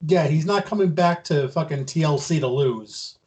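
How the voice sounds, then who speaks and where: Man, podcast co-host, casual chat, husky, a bit high-pitched, blunt, swears. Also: moderate pace, a little mellow.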